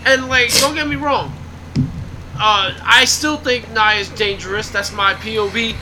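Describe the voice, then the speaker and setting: A very high-pitched man argues his view insistently in a casual podcast debate. There is a clear layer of noise behind his voice. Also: unhurried. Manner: argumentative, insistent. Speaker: co-host.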